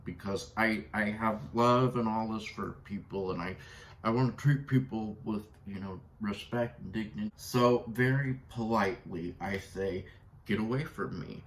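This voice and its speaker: A man's voice: on the low side, fairly bright tone, slight background noise, poor audio. A man vlogging in a casual, rambling storytime chat, full of fillers. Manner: rambling, chatty, with many fillers.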